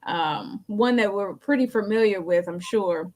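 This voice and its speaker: A woman co-host talks in an easygoing, folksy way and also reads scripture. Her pitch is middling. She closes the show casually. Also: measured pace, darkish tone, poor audio. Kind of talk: casual chat and scripture reading.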